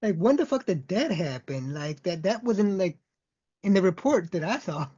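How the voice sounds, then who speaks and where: A podcast co-host chimes in with a lively, bouncing voice, agreeing and cursing along. The sound is dull and lo-fi. The talk is casual chat. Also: medium pitch, moderate pace, breathy edge. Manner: profane, agreeing and chiming in. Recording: dull lo-fi audio.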